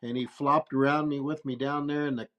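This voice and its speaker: A man's voice: mid-range voice, steady tone, a little fast, a bit bright. A plainspoken man telling a hunting story in a casual, salty way. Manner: plainspoken, salty, laughs at himself. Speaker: guest storyteller.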